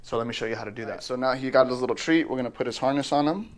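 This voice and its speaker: A man casually narrating his daily routine with his pet bird at home, and now and then talking to the bird in a high, sing-song voice. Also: racing. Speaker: bird owner vlogger. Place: at home in an apartment.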